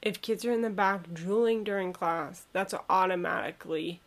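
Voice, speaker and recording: A woman's voice: on the low side, normal speed. A teenage girl in casual chat about school, talking in a chatty, slangy way.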